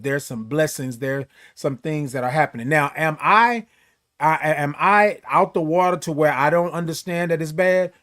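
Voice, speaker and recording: On a laid-back morning live stream, a male host with a fairly high voice greets viewers by name using long, sing-song good mornings. He keeps his tone relaxed and encouraging.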